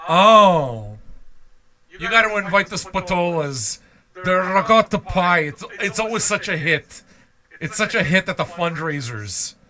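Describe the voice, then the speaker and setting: A man's voice: high voice, big pitch swings, a little slow, sharp tone, pitched above the performer's own voice, full character voice. A man putting on a gushing party-planning neighbor.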